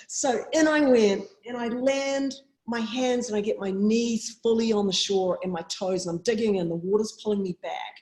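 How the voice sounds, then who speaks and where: A woman's voice: moderate pace, few pauses, a little mellow, roomy sound, low-quality recording. A woman from New Zealand with a New Zealand accent, a marathon swimmer telling stories as an interview guest and acting out her own past lines. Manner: acts out her own past lines with big jumps in pitch. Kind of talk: animated storytelling in an interview.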